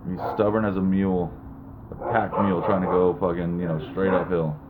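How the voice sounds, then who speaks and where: A man's voice: sits low, little pitch movement, a little fast. A man hosting a casual live call-in stream, laid-back and rambling, with lots of fillers. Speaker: live show host. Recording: phone-like lo-fi with noise.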